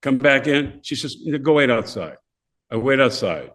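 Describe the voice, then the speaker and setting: A man's voice: medium pitch, moderate pace. An older man, a podcast guest, telling casual stories and acting out the voices of people in them. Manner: animated, acts out voices of people in his stories. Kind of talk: casual storytelling.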